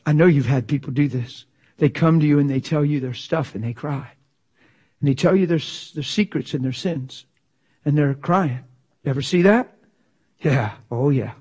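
A man preaching a sermon with passion, swinging from loud exclamations to near-whispers. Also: on the high side, slightly rough.

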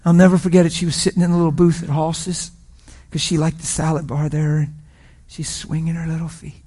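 Emotional preacher man, slightly high voice. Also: little pitch movement, fairly quick, breathy edge. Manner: emotional storytelling, shifts from loud to hushed whispers. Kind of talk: sermon testimony.

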